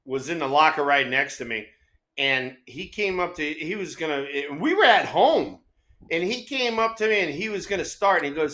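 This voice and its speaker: Animated, swearing ex-ballplayer man. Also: fairly high pitch, moderate pace, roomy sound. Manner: animated, swears freely, acts out quotes. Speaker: co-host, former ballplayer. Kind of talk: profane baseball storytelling.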